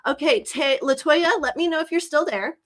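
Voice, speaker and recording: Woman host for a casual live chat stream, slightly high pitch, loose and rambling with filler words. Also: moderate pace. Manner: chatty, lots of ums, greets viewers by name. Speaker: livestream host and psychic reader.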